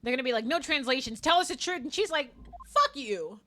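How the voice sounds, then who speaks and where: A woman's voice: high voice, expressive, brisk, pushed and bright, slight background noise. A woman streaming a game live, chatting casually, laughing often and swearing freely as she reads dialogue aloud.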